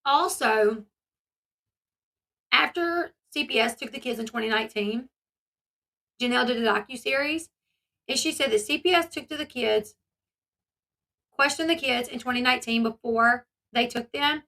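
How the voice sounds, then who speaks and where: Bright, high-voiced woman commentator. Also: normal speed, pauses often. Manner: animated retelling with quoted voices. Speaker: commentary channel host. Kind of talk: casual commentary chat.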